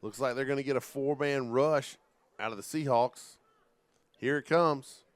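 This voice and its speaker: A man calls a football game play by play, folksy and jokey with plenty of energy. His voice is smooth and resonant, and it sits dry and close with no room sound around it. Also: medium pitch, unhurried, dry recording. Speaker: play-by-play commentator. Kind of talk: live football play-by-play commentary.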